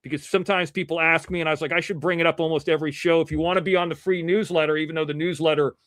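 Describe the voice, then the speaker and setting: A man with a fairly high voice hosts his own live-stream show, talking loosely from one topic to the next and cursing freely when irritated. The sound is close and dry, with no room around it. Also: steady tone, racing, fairly bright tone, no room sound. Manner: rambling, irreverent, cursing when annoyed. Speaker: livestream show host. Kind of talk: casual live-stream commentary.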